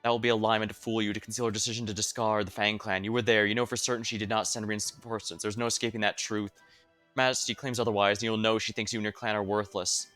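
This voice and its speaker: Fast-reading male streamer. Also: fairly low pitch, level tone, pushed and bright, no room sound. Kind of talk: reading game dialogue aloud. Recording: faint game music behind.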